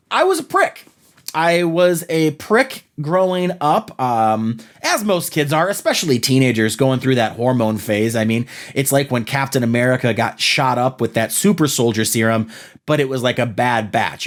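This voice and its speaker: A man hosting a podcast, telling a rambling, self-deprecating comic story about his own childhood. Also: medium pitch. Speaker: podcast host. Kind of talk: comedic monologue.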